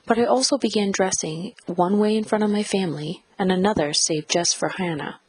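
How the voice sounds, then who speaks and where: A woman narrating a first-person audiobook in a measured, reflective reading style. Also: medium pitch, husky, no echo, poor audio.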